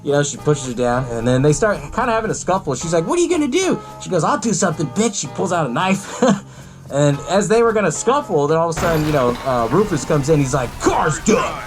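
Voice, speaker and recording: A man hosts a podcast and rambles through a movie recap with plenty of cursing and laughter. His voice sits somewhat high and swings around a lot. Faint music plays behind. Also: animated, fast. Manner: rambling, profane, laughs often. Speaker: podcast host.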